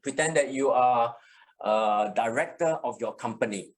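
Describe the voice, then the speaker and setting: A public speaking trainer teaching a workshop in a meeting room that is also streamed to a video call, animated and acting out example sentences. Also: mid-range voice, unhurried.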